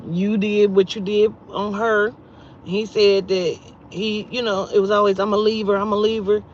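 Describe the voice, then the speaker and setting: A woman vlogging casually to her viewers, blunt and profane, jumping between loud outbursts and low, muttered asides as she tells a story from a parked car. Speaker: vlogger and spiritual reader. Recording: dull lo-fi sound with faint vehicle noise.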